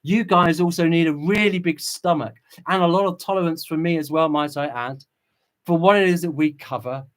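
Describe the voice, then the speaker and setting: Impassioned preachy man, fairly high voice. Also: normal speed. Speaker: channel host. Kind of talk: livestream commentary reading viewer chat.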